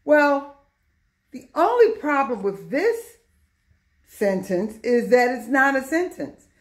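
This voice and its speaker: A middle-aged woman teaching young children a lesson in a patient, sing-song way. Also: high-pitched.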